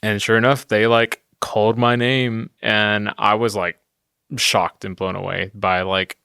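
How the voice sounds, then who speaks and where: A man in his twenties, a videographer, telling stories in a casual interview, chatty and self-deprecating, breaking into high laughs. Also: level tone, measured pace, creaky, pushed and bright, clean tone, no echo, clean studio sound. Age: 20s. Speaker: guest videographer.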